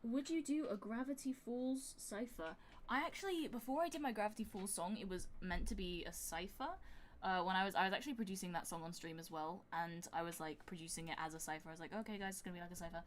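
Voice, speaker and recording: A young woman chatting casually on a livestream while producing music, thinking out loud and drifting into soft asides. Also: mid-range voice, quick pace, a little hiss or hum.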